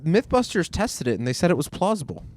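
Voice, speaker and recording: A man's voice: fairly high pitch, very animated, quick pace, darkish tone, no echo. A man chatting casually as a podcast guest, rambling and jokey with lots of fillers. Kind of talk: casual chat.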